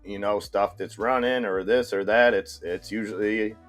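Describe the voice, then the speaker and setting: A man's voice: on the low side, fairly even intonation, moderate pace, a bit bright, soft background music. A man co-hosting a live stock market stream, chatting casually, reading viewer comments and often restarting his sentences. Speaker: stock market livestream co-host.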